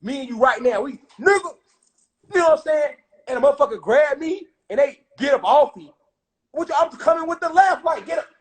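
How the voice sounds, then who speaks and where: Animated, profane man telling a story. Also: very high-pitched, brisk. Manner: profane, animated, street slang; gets loud and excited at times. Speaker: speaker. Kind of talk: casual spiritual storytelling.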